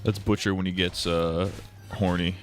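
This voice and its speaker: A man's voice: sits low, level tone, moderate pace, soft background music. A man streaming live, chatting casually in a profane, rambling, jokey way full of restarts.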